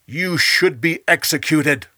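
A loyal young warrior , as a male storyteller puts him on, firm and earnest in a bright, dry read. His lines come slow and deliberate. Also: a little high, lively intonation, no room sound. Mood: shouting. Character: young warrior David, a loyal future king.

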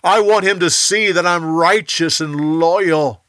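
A man's voice: high voice, takes it slowly, fairly bright tone, no room sound, clean studio sound, voice pushed up. A man voicing earnest young warrior David. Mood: pleading. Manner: earnest and firm. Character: young warrior David, a loyal future king.

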